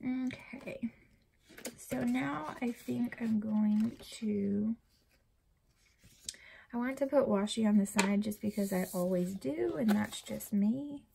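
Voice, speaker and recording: A young woman chats in a loose, rambling way while she works on her planner, worn out and uncomfortable, her voice often sinking to a near whisper. Her tone has a gravelly edge, and a faint hiss sits under the recording. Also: on the high side, slow pace, mellow. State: tired and uncomfortable. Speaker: planner channel vlogger. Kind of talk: casual chat while decorating a planner.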